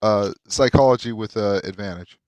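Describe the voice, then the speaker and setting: A man narrating a tabletop game as game master, halting with many fillers. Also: fairly low pitch, a little mellow, a little hiss or hum.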